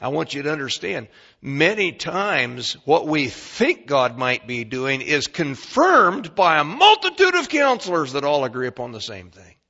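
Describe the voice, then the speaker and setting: A man preaching a sermon as pastor, emphatic and swinging between quiet and loud. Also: on the high side, very animated, unhurried, creaky. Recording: dull lo-fi recording.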